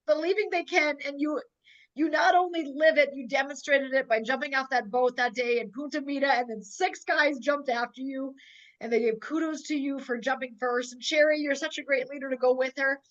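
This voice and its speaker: A woman's voice: high voice, steady tone, a little fast, lo-fi sound. A woman from North Dakota hosting a sales call, speaking in a fervent, repetitive rallying way while close to tears. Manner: emotional, on the verge of tears. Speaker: host of a sales webinar. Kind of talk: emotional motivational pitch.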